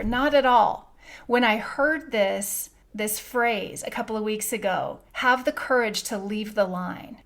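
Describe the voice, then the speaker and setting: Earnest middle-aged woman telling a story. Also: fairly high pitch. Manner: earnest and reflective, with frequent restarts. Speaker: podcast host. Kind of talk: personal storytelling.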